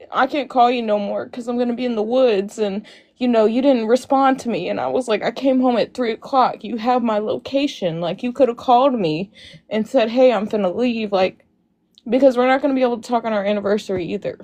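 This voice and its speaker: A woman's voice: a little high, a little mellow. Tearful young woman calling in. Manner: tearful, rambling, frequent "like" fillers. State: crying. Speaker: caller on a live Q&A. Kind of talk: emotional personal account.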